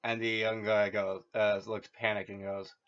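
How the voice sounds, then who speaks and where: A man's voice: on the low side, little pitch movement, moderate pace, a bit bright. A man casually retelling a story, rambling with many fillers and restarts and chuckling at his own jokes. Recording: muffled lo-fi audio.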